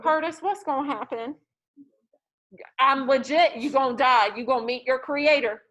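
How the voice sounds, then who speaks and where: A woman teaching a math class in a classroom, lively and joking as she tells stories to her students. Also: sits high, moderate pace.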